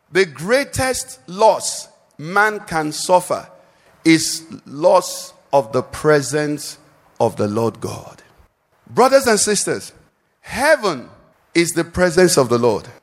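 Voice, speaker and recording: A man preaching a live church sermon, quizzing the congregation and lifting into sing-song phrases. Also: high voice. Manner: call-and-response questions to the congregation, sing-song rises. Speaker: pastor. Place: church service. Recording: long church-hall reverb.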